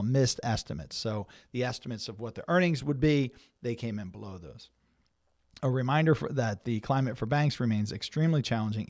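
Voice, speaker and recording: A man hosts a financial webinar at a middle pitch, stopping often on fillers and restarting his sentences as he reads out market quotes. The sound is dry and close, with no room around it. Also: darkish tone, no echo. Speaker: financial planner hosting a webinar. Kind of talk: webinar talk reading and explaining market news.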